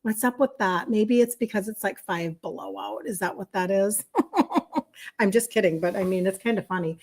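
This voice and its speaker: A woman's voice: mid-range voice, fairly quick, a little mellow. A middle-aged woman from Minnesota with a Minnesota accent, hosting a casual livestream, chatting with viewers and greeting them by name as a health coach. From Minnesota, USA.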